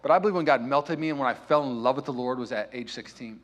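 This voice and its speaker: A young adult man preaching a sermon as pastor in a church sanctuary, building to loud, impassioned peaks. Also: medium pitch, fast talker.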